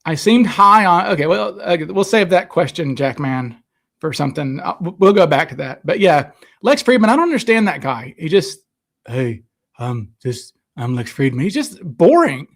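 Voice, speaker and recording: A man's voice: sits high, expressive, normal speed, gravelly, a bit bright. A man hosting a live stream, chatting casually, reading out viewers' comments and answering them into a desk microphone. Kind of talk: rambling live chat. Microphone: desk microphone, sometimes too close.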